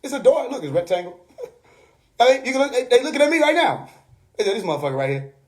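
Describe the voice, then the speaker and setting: Man, high voice, preachy livestream host, laughs a lot, keeps checking in with viewers. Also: lively intonation, fairly quick. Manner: preachy, laughing often, repeats "you know what I mean". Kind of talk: casual livestream monologue. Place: bedroom.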